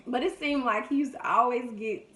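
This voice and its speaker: Woman in her 30s, casual vlog storyteller, slightly high voice, chatty, roomy echo. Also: brisk, recorded from a distance. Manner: chatty, reminiscing, quotes people in lively voices. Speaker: vlogger. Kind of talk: casual storytelling during a food video. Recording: echoey room.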